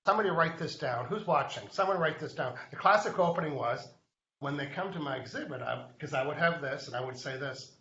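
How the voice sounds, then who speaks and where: A man hosts a live show and tells a chatty story straight to the viewers. His voice is bright and forceful. The sound is roomy and a little dull. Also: fairly high pitch, brisk, a little hiss or hum. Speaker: host. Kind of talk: live online show chat.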